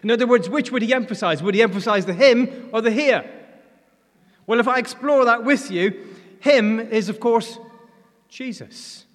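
High-voiced man preaching in an echoing hall. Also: normal speed. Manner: earnest, conversational, with frequent fillers and restarts. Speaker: visiting preacher. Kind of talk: sermon. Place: church. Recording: long reverb of a large church hall.

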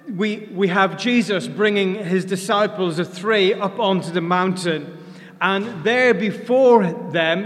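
A visiting preacher delivers his sermon in a relaxed, earnest way, often restarting his sentences. He is a man with a high voice. The sound rings with the long reverb of a large church hall. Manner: earnest, conversational, with frequent fillers and restarts.

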